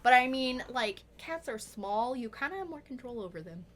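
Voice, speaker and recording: A woman's voice: fairly high pitch, animated, moderate pace, slight background noise. A young woman co-hosting a game let's play, chatting casually in a crude, joking, storytelling way. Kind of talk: casual chat over gameplay.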